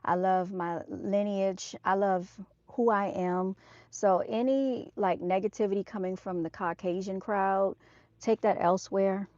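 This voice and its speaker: Chatting straight to her viewers by phone from an outdoor motorcycle show, a woman keeps things casual and calls them "y'all." She has a mid-range, darkish voice with fairly even intonation and an unhurried pace, captured in dull, dry lo-fi sound.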